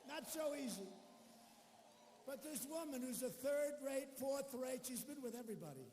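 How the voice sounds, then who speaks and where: A man's voice: extremely high pitch, lively intonation, moderate pace, a little mellow, a little hiss or hum. A man giving a rambling, boastful rally speech with mocking asides to a large arena crowd. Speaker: political speaker at a campaign rally. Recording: echoey arena hall with faint crowd ambience.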